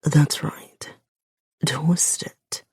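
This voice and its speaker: A woman voicing a commanding man with a low, raspy, growling voice. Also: fairly even intonation, extremely slow, darkish tone, no echo, clean studio sound, full character voice.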